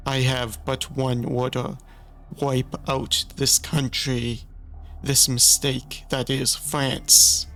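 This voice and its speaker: A cold, vengeful holy woman , read out by a man in a low, near-ordinary voice, mocking her enemies in slow, drawn-out sneers. The delivery stays unhurried, with faint music behind. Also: flat delivery, a bit bright. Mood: commanding. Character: vengeful dark female saint, cruel and mocking.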